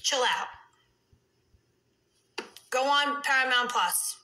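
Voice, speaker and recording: A woman's voice: sits high, slow, pushed and bright, slight background noise, poor audio. A woman, chatting late at night with viewers on a phone livestream and cursing out trolls. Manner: brash, swears freely, talks back to trolls. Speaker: reality TV personality on a phone livestream. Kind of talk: casual livestream chat with viewers.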